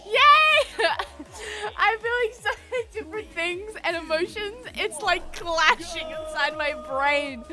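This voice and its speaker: A young woman streamer chatting casually, giggling often and talking in a frantic, excitable way. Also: extremely high pitch, a little slow, hardly any pauses, music in the background. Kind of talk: casual live stream chat.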